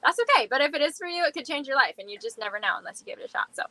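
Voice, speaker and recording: A woman's voice: sits high, expressive, very fast, pushed and bright, no echo, low-quality recording. A young woman chatting casually on a live stream, bubbly and gushing, laughing often. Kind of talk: casual chat.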